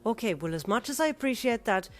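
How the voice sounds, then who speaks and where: A woman's voice: a little high, expressive, fast talker, faint music behind, pitched above the performer's own voice, natural voice. A woman voicing a goofy, cheerful teenage best friend who teases and bosses, in a fan fiction audiobook reading. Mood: teasing. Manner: cheerful, teasing.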